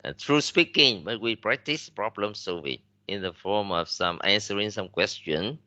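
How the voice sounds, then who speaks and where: A man's voice: on the low side, animated, normal speed, sharp tone, no room sound, highs cut off. A man with a Vietnamese accent giving a classroom lecture as an English teacher, switching between English and Vietnamese with many fillers and restarts.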